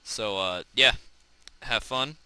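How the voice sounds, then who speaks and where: A young man giving goofy let's-play commentary in a bright, forceful voice, smooth and clear. The sound is dry and close, from a desk mic. He talks slowly and jokes with viewers. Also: on the low side, no room sound, low-quality recording. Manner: goofy, shouts in panic when crashing. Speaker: gaming channel host.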